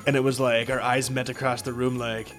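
Casual male podcast co-host in his forties, quick and bright, swears freely and rambles with restarts. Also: medium pitch, flat delivery, faint music behind. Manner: profane, rambling storyteller with many restarts. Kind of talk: casual chat.

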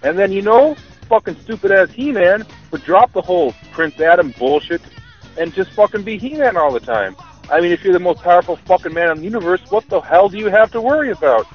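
A man's voice: sits high, lively intonation, a little fast, soft background music. A man ranting profanely in a voicemail message to a podcast. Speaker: voicemail caller. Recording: muffled voicemail recording.

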